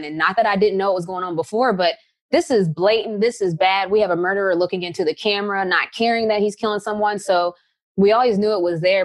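A woman in her thirties from West Virginia, a basketball player answering interview questions in a chatty, upbeat, animated way. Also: mid-range voice, dry recording. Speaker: pro basketball player guest.

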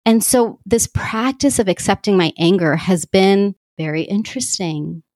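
Candid, animated woman podcast host. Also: mid-range voice, normal speed, no echo, clean studio sound. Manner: candid, animated, self-revealing. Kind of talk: personal reflective monologue.

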